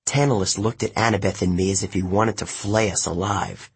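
A man narrating an audiobook in the first person, telling the story in a plain, measured way. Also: on the low side, fairly even intonation, breathy edge.

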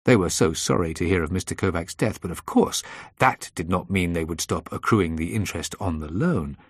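A man reads a first-person audiobook in a measured, steady way, with a tense edge. His voice is deep and low. The recording is dry and close, with no room echo. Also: husky. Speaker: audiobook narrator. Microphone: close dry studio mic.

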